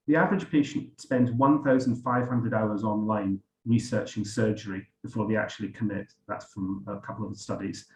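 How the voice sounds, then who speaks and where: A man, a surgeon, giving a measured medical lecture at a conference, explaining points step by step with small restarts. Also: lowish voice, steady tone, darkish tone. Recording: echoey room with faint hum.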